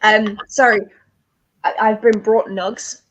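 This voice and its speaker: A woman's voice: medium pitch, flat delivery, slow, fairly bright tone, a little hiss or hum, low-quality recording. A woman chatting casually on a group livestream about books. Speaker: co-host of a readathon livestream. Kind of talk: casual chat.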